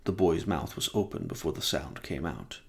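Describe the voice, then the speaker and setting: A man's voice: very deep voice, expressive, moderate pace, creaky. A man reading a novel aloud in a casual, plain storytelling manner. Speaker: reader.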